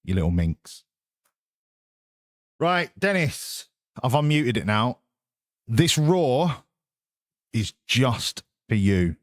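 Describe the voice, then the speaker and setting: A man's voice: medium pitch, big pitch swings, slow, long pauses, no echo, clean studio sound. A man hosting a live stream, chatting casually and teasing his viewers in a joking way. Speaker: livestream host.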